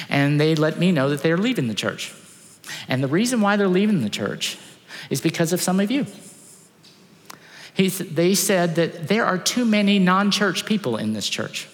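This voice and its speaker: A man's voice: on the high side, expressive, moderate pace. A man pastor preaching a sermon, emphatic and full of rhetorical questions. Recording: long hall reverb.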